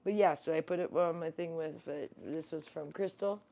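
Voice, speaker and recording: A woman's voice: sits low, normal speed, creaky, dark tone. A woman chatting casually with viewers on a livestream while fussing over her pet rabbit. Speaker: livestream host.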